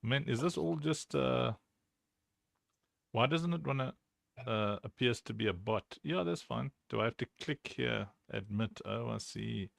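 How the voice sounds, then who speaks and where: A man's voice: mid-range voice, unhurried, vocal fry, no room sound, studio quality. A man hosting a livestream, chatting casually in a rambling, joking way with lots of fillers. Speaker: livestream host.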